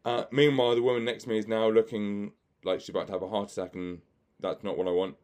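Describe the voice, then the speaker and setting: A man's voice: on the low side, little pitch movement, quick pace, a little mellow. A man, a magician hosting a podcast, telling chatty stories with frequent laughter and many fillers. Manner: acts out other people's lines in the stories. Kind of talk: anecdotal podcast storytelling.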